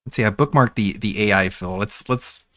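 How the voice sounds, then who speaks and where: A man's voice: fairly low pitch, normal speed, dry recording, clean studio sound. A man streaming live, chatting casually and laughing with an AI chatbot. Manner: laughing, relaxed, playful. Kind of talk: casual livestream chat.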